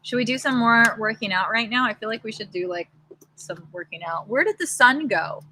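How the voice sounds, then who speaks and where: A woman's voice: on the high side, expressive, brisk, pushed and bright, slight background noise, rough recording. A young woman livestreaming casually outdoors in front of her house, rambling, thanking viewers by name and reading aloud from a book. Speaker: livestream host. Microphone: laptop or webcam mic.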